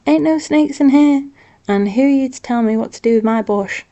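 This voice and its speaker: A woman voicing a feisty, bossy older woman who argues loudly. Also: mid-range voice, steady tone, moderate pace, highs cut off, lightly acted. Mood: indignant.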